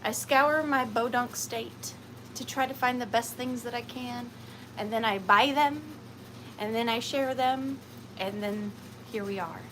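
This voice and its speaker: Woman, livestream sale host, chatty and giggly, slightly high voice, faint hiss behind. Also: a little slow. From Georgia, USA. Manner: chatty, rambling, laughs often, lots of fillers. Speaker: host of a live vintage and antique sale. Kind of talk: casual livestream chat.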